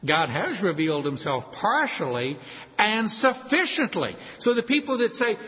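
A man preaching a sermon, animated and acting out quoted voices. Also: sits high, normal speed. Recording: muffled hall with long reverb.

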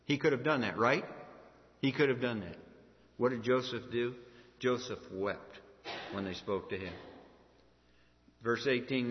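A man's voice: medium pitch, measured pace, pauses often. Man preaching in an echoey hall. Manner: emphatic preaching with rhetorical questions to the congregation. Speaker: pastor. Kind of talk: sermon. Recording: echoey hall, dull lo-fi sound.

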